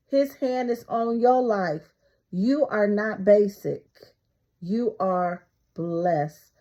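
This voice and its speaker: A woman's voice: medium pitch, very slow, dark tone. A middle-aged woman speaking spontaneously to her viewers, giving fervent, repetitive devotional encouragement with casual asides. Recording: slightly dull lo-fi recording.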